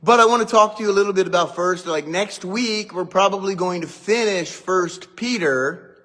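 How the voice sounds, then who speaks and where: A man's voice: high voice, normal speed. A middle-aged male pastor chatting casually and joking to his congregation, still getting over a cough. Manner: chatty, joking, animated asides. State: recovering from a cough. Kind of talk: casual morning livestream chat.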